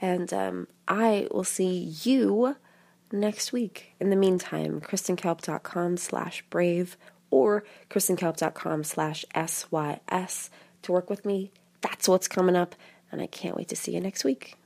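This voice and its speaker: Low, gravelly woman with a sick voice. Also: fairly even intonation, unhurried, a little mellow. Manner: chatty and encouraging, with wry asides. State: sick voice, talking around a cough drop. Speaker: podcast host. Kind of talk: casual solo podcast monologue.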